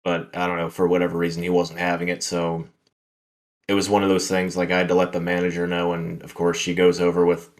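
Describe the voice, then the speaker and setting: A man's voice: sits low, completely flat delivery, fairly quick. A man hosting a podcast, telling a work story in a rambling, filler-heavy, profane way. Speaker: podcast host. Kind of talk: casual storytelling chat.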